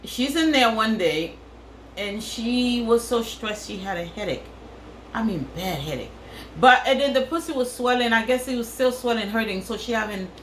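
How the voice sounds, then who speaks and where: A woman's voice: medium pitch, fairly bright tone, echoey room, a little hiss or hum, low-quality recording. A woman from Africa, telling a crude story in a casual vlog and repeating phrases for effect. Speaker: vlogger.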